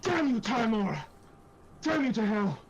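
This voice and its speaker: A man's voice: medium pitch, little pitch movement, moderate pace, a little mellow, muffled recording, slight background noise, natural voice. A man voicing a distraught, guilt-ridden female jungle guide who stumbles and repeats her words. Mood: furious.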